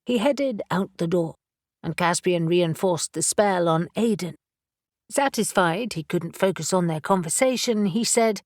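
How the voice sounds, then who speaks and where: A woman reading a fantasy audiobook in measured, even scripted narration. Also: fairly low pitch, no room sound, clean studio sound.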